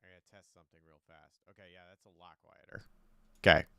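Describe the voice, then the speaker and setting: A man's voice: low voice, steady tone, quick pace, a bit bright, slight background noise. A man live-streaming from home, thinking aloud in casual chat while he fiddles with his desk microphone settings and gets frustrated.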